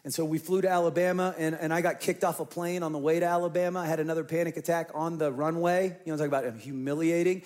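A man's voice: a little high, fairly even intonation, fast, few pauses, a little mellow. A middle-aged man, a pastor, telling an earnest personal story in a sermon and acting out his own past words.

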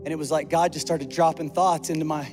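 Pastor with a slightly high voice. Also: male voice, level tone, fast. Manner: conversational storytelling, acting out quoted dialogue. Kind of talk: sermon. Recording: long hall reverb with faint music.

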